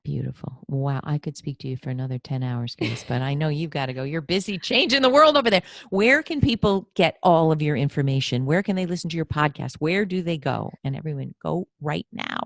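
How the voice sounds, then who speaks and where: A woman's voice: sits low, brisk, creaky, few pauses, no echo. Effusive woman hosting a podcast. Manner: effusive and animated, tells personal anecdotes. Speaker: podcast host and career coach. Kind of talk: conversational podcast interview.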